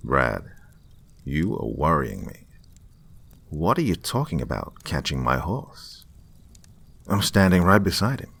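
A man's voice: rumbling low, gravelly, a bit bright, breathy edge, heavily acted. A man voicing a worried, angry middle-aged father on the phone who keeps repeating himself.

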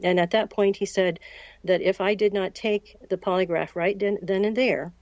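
A woman in her sixties from the United States, recounting a personal story as an interview guest in a measured way and acting out the dialogue. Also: mid-range voice, fairly even intonation, a little mellow, dry recording. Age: 60s. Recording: dull, lo-fi recording.

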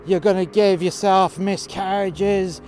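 A man's voice: fairly even intonation, measured pace, a little mellow, a little hiss or hum. Man putting on a screeching rude woman. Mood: ranting. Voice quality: shrill, screeching. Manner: ranting, swearing, demanding. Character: abusive screeching adult woman customer.

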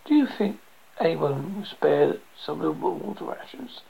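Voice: medium pitch, sing-song, normal speed, creaky, slightly rough, dull audio, full character voice. A storyteller voicing an anxious mother who pleads on behalf of others. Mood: worried. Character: worried, protective young mother.

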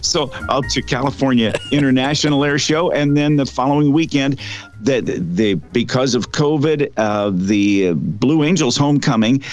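A man who works as an air show announcer, chatting casually in measured, formal phrasing. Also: medium pitch, dull audio, faint music behind. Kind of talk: casual chat. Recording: dry close mic.

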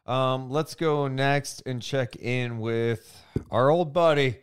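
A man's voice: mid-range voice, slow, clear, resonant tone. A man co-hosting a basketball podcast in casual, filler-heavy chat. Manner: animated, lots of fillers. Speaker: podcast co-host.

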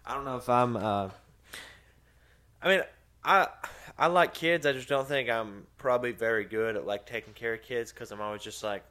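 A man's voice: mid-range voice, moderate pace, pushed and bright. A man co-hosting a podcast in casual chat, laid-back and laughing along. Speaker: podcast co-host.

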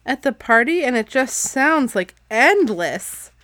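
A woman's voice: sits high, sing-song, slow pace, a bit bright, dry recording. Woman co-host recapping a book in easy chat, dry close mic. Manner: laughs often, reads passages aloud. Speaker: podcast co-host.

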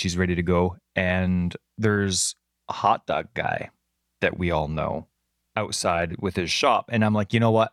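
Low-ish voiced guy on a podcast, telling a story and doing the voices, dry sound. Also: dry recording. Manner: animated storyteller, acts out quotes. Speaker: podcast co-host. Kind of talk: casual chat.

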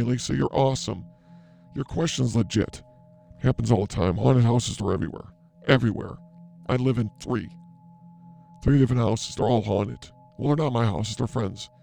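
This man's mid-range voice carries vocal fry and a slightly mellow quality. He's improvising a comedy role as a loud, self-styled psychic healer, hamming it up with theatrical bluster.

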